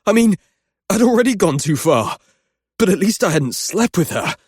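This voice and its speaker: Guilt-ridden male doctor in an audiobook, acted by a man, swearing outbursts, animated delivery. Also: high voice, moderate pace, breathy edge, dry recording, clean studio sound, full character voice. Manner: swearing outbursts, self-loathing rants. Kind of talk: audiobook character acting.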